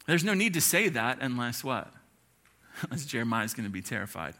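A pastor delivering a sermon, preaching emphatically with repeated lists and rhetorical questions. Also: male voice, medium pitch, sing-song, fairly quick, sharp tone.

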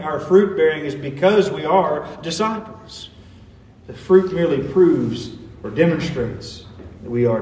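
A man's voice: high voice, a little mellow. A man preaching a sermon as pastor, earnest, building to emphatic peaks. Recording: echoey hall, mic at a distance.

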